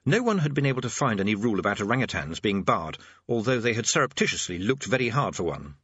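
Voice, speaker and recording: A man narrating a story in a dry, wry manner, with a bright and lively voice. His tone carries a husky grain, and the recording is dry and slightly dull. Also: lowish voice, fast, no room sound. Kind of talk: audiobook narration.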